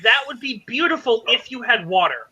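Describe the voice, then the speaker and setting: A man running a tabletop game as game master, explaining rules haltingly with many fillers. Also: very high voice, lively intonation, bright, forceful tone, slightly rough, rough recording.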